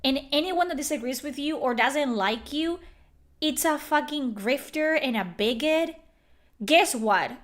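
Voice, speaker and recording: A woman streamer ranting to her chat in a profane, sarcastic way, loud and venting. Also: high voice, lively intonation, unhurried. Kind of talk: angry livestream rant.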